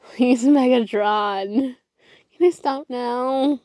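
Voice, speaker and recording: A woman reading a story aloud and voicing a cowardly male robot underling in a pleading, whiny way, a bit higher than her own voice. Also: unhurried, no room sound, studio quality, close to an everyday voice.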